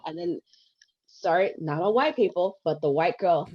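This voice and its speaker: Animated woman podcast guest, muffled audio. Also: on the low side, normal speed, slightly rough. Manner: animated storytelling, acts out quoted people. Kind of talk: casual podcast discussion.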